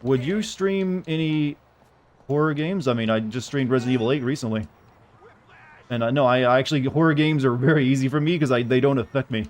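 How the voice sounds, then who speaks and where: A man with a mid-range voice streams a game, talking fairly quickly. His commentary is casual as he answers viewers' questions in a rambling, joking way.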